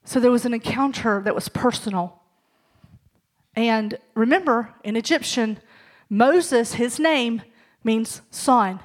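A woman's voice: fairly high pitch, slow. A woman teaching a sermon to a women's ministry service, earnest and emphatic, acting out the scripture dialogue as she goes.

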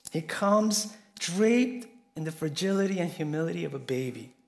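A man's voice: fairly high pitch, lively intonation, normal speed, gravelly. Earnest man preaching a sermon. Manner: earnest storytelling, swings from soft to emphatic.

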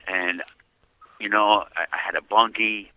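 A man giving an earnest, heavy personal testimony by phone from prison, often dropping to a hushed voice. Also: fairly low pitch, steady tone, measured pace, no room sound. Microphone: prison payphone handset. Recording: dull dry phone-call audio.

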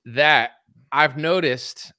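Young male host, bright clear voice, animated rambling commentary, dry close sound. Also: a little high, drawn-out words, no echo. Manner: animated, rambling, laughs often. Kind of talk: casual political commentary chat.

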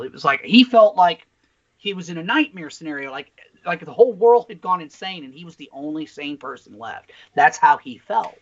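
A foul-mouthed, blunt podcast co-host, this man tells his stories with animated energy. His voice sits a little higher than most men's. The sound is slightly dull and lo-fi. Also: fairly quick. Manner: heavy swearing, blunt and animated storytelling. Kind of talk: casual podcast chat.

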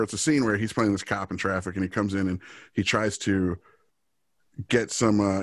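A man's voice: lowish voice, no echo. A man co-hosting a podcast, chatting casually and rambling through profane filmmaking stories. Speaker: podcast co-host.

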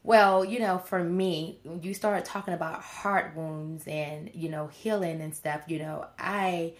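A woman's voice: on the low side, fairly even intonation, a little slow. A woman guest on a podcast, speaking casually and hesitantly with many fillers. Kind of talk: casual conversation.

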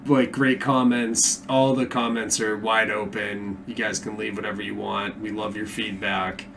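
A man's voice: fairly low pitch, flat delivery, normal speed, gravelly. Laid-back guy cohosting a film podcast, jokey, faint noise behind. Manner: joking, trails off softly at line ends. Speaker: podcast co-host. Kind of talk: casual chat.

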